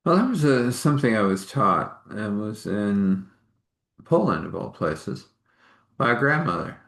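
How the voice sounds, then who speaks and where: A man's voice: lowish voice, big pitch swings, measured pace, vocal fry, fairly bright tone. A man hosting a live meditation talk and storytelling session, speaking in a rambling, chatty way. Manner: rambling and chatty, with laughs and apologies for yawning. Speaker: spiritual healer and host.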